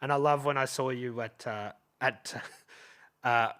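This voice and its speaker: A man hosting a podcast, asking questions in a halting, casual way with many restarts. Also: medium pitch, steady tone, fairly bright tone. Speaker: podcast host. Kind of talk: casual interview chat.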